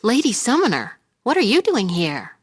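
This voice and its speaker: An eager soldier speaks briskly in a game. Her voice moves up and down a lot. The recording is dry. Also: on the high side, huge pitch swings, slightly rough, no room sound, exaggerated voice. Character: eager woman soldier hoping to impress.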